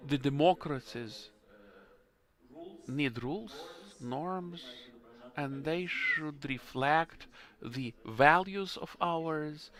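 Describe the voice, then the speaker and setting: A man answering as a panelist at a forum, speaking in halting, earnest, emotional English as he searches for words. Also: a little high, a bit bright.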